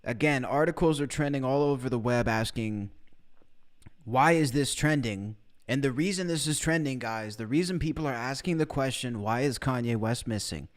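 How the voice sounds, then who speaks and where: A man's voice: mid-range voice, moderate pace. Man hosting a livestream recap. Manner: explains to the chat directly. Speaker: podcast host. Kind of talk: livestream commentary.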